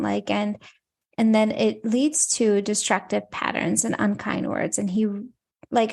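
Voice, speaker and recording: A woman hosting a faith podcast, talking earnestly in a casual conversational way with many quick "like" asides. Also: medium pitch, gravelly, darkish tone. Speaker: podcast host.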